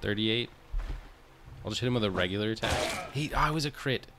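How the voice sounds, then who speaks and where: A man's voice: fairly low pitch, a little fast, noisy background. A man giving casual, chatty commentary over his own gameplay, talking to himself and the game as he plays. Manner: chatty, talks to himself and the game, frequent restarts. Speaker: let's play host.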